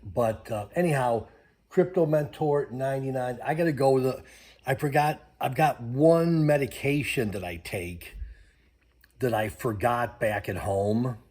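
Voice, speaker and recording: A man's voice: mid-range voice, measured pace, a little mellow. An older man, a grandfather, chatting casually and rambling to his channel's viewers with many fillers. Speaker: vlogger. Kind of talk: casual chat to camera.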